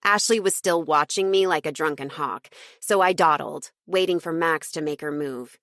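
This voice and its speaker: A woman's voice: sits low, moderate pace, a bit bright, no room sound, studio quality. A woman reading a first-person audiobook in a snarky, wry tone. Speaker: audiobook narrator.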